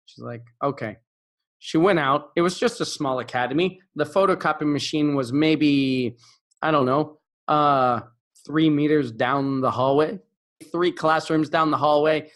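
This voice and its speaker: A young man with a fairly high voice tells a classroom story in a casual, unscripted way. He jumps up in pitch to act out what people said and often stops to add fillers and correct himself, the way a teacher talks when speaking freely. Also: normal speed. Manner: animated, acts out quotes with pitch jumps; frequent fillers and self-corrections. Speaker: English teacher.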